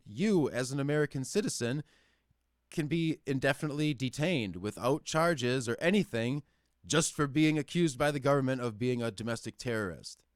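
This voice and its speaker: A man's voice: medium pitch, clear, resonant tone, no echo, clean studio sound. A man in his thirties hosting a call-in show, ranting casually with constant swearing. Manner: profane, ranting, animated. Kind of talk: casual rant. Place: lives in the Upper Midwest.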